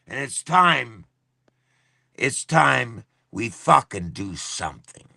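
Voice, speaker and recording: A man's voice: medium pitch, sing-song, slow, vocal fry, pushed and bright, dry recording, clean studio sound. A man hosting a livestream, delivering a heated, profane rant in a repetitive, angry style. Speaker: livestream host. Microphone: phone.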